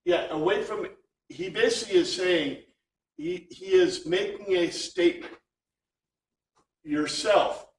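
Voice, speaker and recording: Male Bible class teacher, slightly high voice, thinks aloud with restarts, recorded far off in a room with faint background noise. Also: slow, pauses often. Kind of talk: informal Bible class lecture. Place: classroom with a small group. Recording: echoey room, speaker far from mic.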